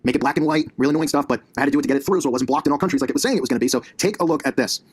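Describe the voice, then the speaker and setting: A man's voice: medium pitch, very fast, slightly rough. A man hosting his own commentary channel, ranting combatively and sarcastically, recorded on a laptop in his basement. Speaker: conspiracy commentary channel host. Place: home basement.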